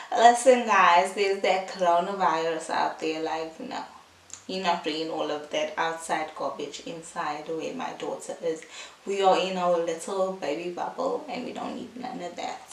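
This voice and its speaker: Young woman vlogger, unhurried and chatty, recorded a bit off-mic in an echoey room with faint hiss. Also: fairly low pitch, far from the mic. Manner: chatty, heartfelt, fillers like "like" and "um". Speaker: vlogger, new mother. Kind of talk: casual vlog chat.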